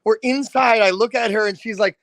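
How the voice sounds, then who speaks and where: A man in his thirties from the American Midwest, a guest telling a casual story, animated and swearing freely. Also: sits high, a little fast, no room sound. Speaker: guest, lead singer.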